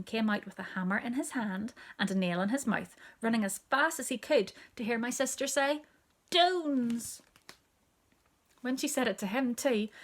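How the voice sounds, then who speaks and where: A woman reading a children's story aloud, expressive and dropping to a hushed whisper for asides. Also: mid-range voice.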